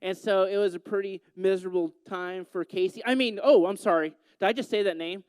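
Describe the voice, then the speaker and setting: High-voiced man telling a teasing story. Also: steady tone, brisk, smooth, dry recording. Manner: playful, teasing the audience. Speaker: youth speaker. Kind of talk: joking storytelling talk.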